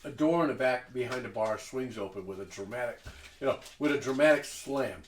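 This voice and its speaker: A man's voice: mid-range voice, a little fast. A man narrating as dungeon master in a casual, rambling way with many fillers. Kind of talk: narrating a tabletop game. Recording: echoey room with faint noise.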